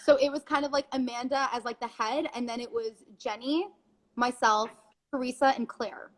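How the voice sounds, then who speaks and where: A woman's voice: a little high, fairly even intonation, moderate pace, rough recording. A woman in her twenties, a guest in a casual chat, telling stories animatedly and laughing easily.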